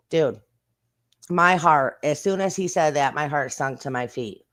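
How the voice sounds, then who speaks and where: A woman's voice: low-pitched, fairly bright tone. Blunt, rambling woman streamer chatting casually. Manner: rambling and blunt, swears freely, with quick bursts. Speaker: streamer and channel host. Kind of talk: casual live-stream chat.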